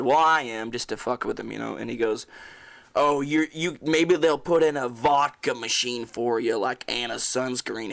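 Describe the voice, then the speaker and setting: A young man with a gravelly, creaky voice talks loosely on a podcast. He rambles through stories, swears freely and laughs often. His pitch sits at a middle level for a man. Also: a bit bright. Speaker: podcast co-host. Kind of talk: casual chat.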